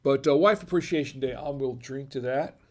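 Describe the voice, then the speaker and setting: A man's voice: mid-range voice, moderate pace, darkish tone. A middle-aged man hosting a wine review livestream, chatting casually in a rambling, digressive way and chuckling often. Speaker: host of a wine review show.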